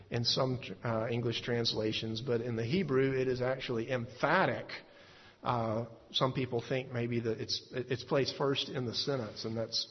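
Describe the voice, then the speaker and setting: A man teaching a Bible passage in a halting way, with many fillers and restarts. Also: mid-range voice, husky. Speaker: preacher. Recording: dull lo-fi recording in a reverberant hall.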